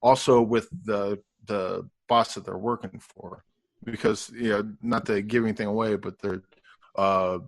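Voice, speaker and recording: A man's voice: on the low side, steady tone, a little slow. A man co-hosting in casual chat, hesitant with many fillers and restarts. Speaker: co-host reviewer.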